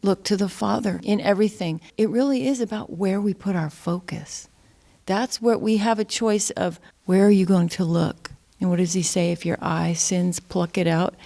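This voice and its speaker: A woman's voice: medium pitch, steady tone, normal speed, creaky, dark tone. A woman in a casual conversation, speaking in a reflective and earnest way. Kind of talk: casual chat.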